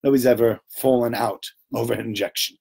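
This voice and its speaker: A man giving an informal Torah talk to a small group, conversational and animated, often checking in with "right?" and acting out little voices. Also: mid-range voice, fast, creaky, husky. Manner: acts out little voices and sounds while telling stories.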